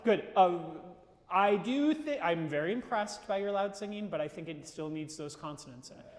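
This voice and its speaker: A man coaching a singer in a live masterclass, casual and animated, breaking into sung phrases to show what he means. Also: high-pitched, normal speed. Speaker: voice teacher leading a masterclass. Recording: roomy hall reverb.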